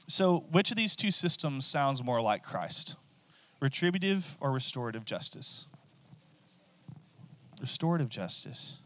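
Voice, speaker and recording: A man's voice: medium pitch, sing-song, measured pace, pauses often, a bit bright. A male pastor preaching a sermon in a conversational way, repeating phrases and often checking in with "right?".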